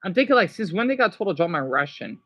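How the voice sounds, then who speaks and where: A man chatting casually on a livestream, answering viewers, rambling and excitable with lots of restarts and exclamations. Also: high voice, quick pace, lo-fi sound. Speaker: YouTuber.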